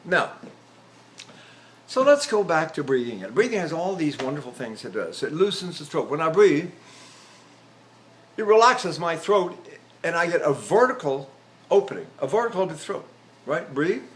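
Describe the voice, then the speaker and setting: A man's voice: a little high, very animated, normal speed, long pauses. A man in his eighties, a voice teacher, giving a chatty lecture on vocal technique and breaking into sung examples. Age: 80s.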